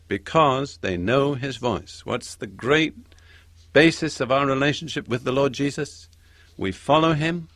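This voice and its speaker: A man preaching a measured sermon, leaning hard on each line of scripture he reads. His voice sits at an ordinary middle pitch. The sound is dry and close, with no room around it. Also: a bit bright, no echo. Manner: measured, emphatic scripture reading.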